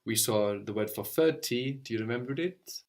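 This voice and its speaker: A man teaching a language lesson, explaining patiently step by step and often checking with a quick "no?". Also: medium pitch, creaky.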